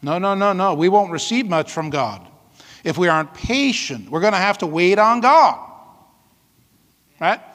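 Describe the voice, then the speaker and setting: A pastor preaching a sermon, telling folksy stories with asides and laughter. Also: male voice, high voice, lively intonation, unhurried, pauses often, a bit bright, long reverb tail.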